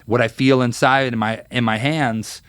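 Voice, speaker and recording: A man in his thirties, a guest guitarist telling stories in a casual interview, lively and acting out quotes, with many fillers. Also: mid-range voice, normal speed, smooth, no echo.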